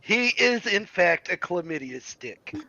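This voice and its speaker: A man's voice: high-pitched, sing-song, a little slow, sharp tone, lo-fi sound. A man playing a tabletop game, joking crudely with the group. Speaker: player. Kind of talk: casual tabletop game chat.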